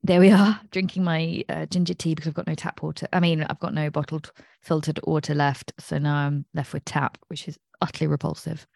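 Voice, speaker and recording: A woman's voice: low voice, level tone, brisk, vocal fry, a little mellow, no room sound, studio quality. An English woman hosting an astrology podcast, talking in a chatty, digressive way and laughing at herself. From England. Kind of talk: casual rambling monologue.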